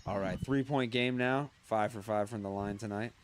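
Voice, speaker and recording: A man's voice: lowish voice, moderate pace, slight background noise. Man doing jokey play-by-play. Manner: jokey sportscaster hype, swears casually. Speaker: comedy podcast host. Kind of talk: mock play-by-play commentary.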